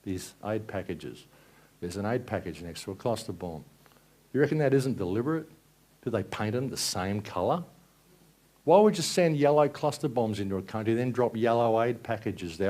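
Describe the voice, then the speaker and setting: A man's voice: lowish voice, lively intonation, moderate pace, a little mellow. Angry ranting man. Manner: angry, ranting, swearing, sarcastic. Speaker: speaker at a conference. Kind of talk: impassioned live presentation. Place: live event hall.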